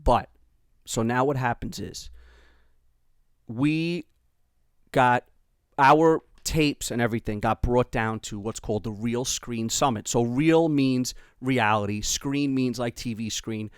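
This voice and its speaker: A middle-aged man with a New York accent, a podcast host telling a family story in animated casual chat and acting out the quotes. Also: medium pitch, slow pace, clear, resonant tone, no echo, studio quality.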